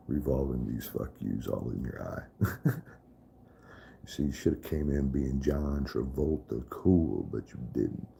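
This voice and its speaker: A man's voice: rumbling low, animated, slow, vocal fry, pauses often, warm tone, slight background noise. A man in a casual live stream chat, profane and trash-talking, laughing often.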